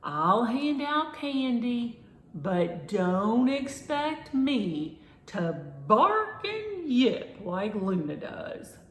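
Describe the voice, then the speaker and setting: A haughty little boy kitten from a storybook who drawls slowly and sounds thoroughly bored, as a woman puts him on. The voice sits in a roomy space. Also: on the high side, sing-song, pitched above the performer's own voice, full character voice. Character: haughty male Persian kitten, lazy and drawling. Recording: roomy echo.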